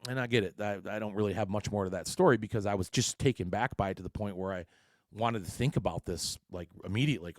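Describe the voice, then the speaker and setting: A man hosting a casual solo podcast, talking in a somewhat low voice. He is blunt and curses freely, wandering through his thoughts with many restarts. The sound is dry and close, with no room echo. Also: fast. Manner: blunt and heavily profane, rambling with frequent restarts. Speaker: podcast host.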